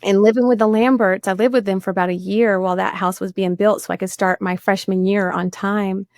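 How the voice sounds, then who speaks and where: A woman's voice: medium pitch, fairly even intonation, a little fast, a little mellow, no echo, clean studio sound. A woman, telling her own story earnestly as a guest in a faith interview. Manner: earnest storyteller, voice rising when moved. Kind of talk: personal testimony in a faith interview.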